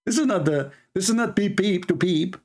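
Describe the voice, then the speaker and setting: A man's voice: high voice, a little mellow, husky. A man giving mocking, polemical commentary as a religious debater, sarcastic and taunting.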